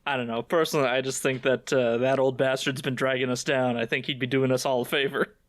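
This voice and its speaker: A man's voice: medium pitch, level tone, fast talker, fairly bright tone, no room sound. A man hosting a casual recap podcast, joking, swearing and laughing often as he acts out scenes. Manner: profane, joking. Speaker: podcast host.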